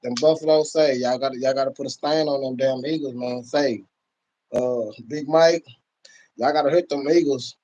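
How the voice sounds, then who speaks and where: A man with a Texas accent rants on his live stream, boasting and trash-talking with frequent laughter. His voice sits at a middle pitch. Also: fairly even intonation, moderate pace, mellow, rough recording. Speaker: channel host. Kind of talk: excited live-stream rant.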